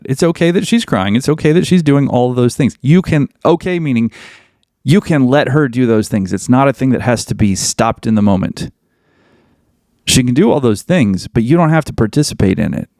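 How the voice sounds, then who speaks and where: A man's voice: mid-range voice, creaky, a little mellow, no room sound, clean studio sound. A man hosting a podcast, delivering a blunt, emphatic monologue that hammers points home through repetition. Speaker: podcast host.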